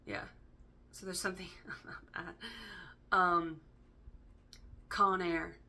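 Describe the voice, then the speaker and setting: A woman's voice: fairly low pitch, level tone, slow, gravelly, pushed and bright. A woman giving a casual spoken tarot reading in a chatty way, full of fillers and loose swearing, often checking in with "right?". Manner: chatty, filler-heavy, casually profane, keeps asking "right?". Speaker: tarot reader.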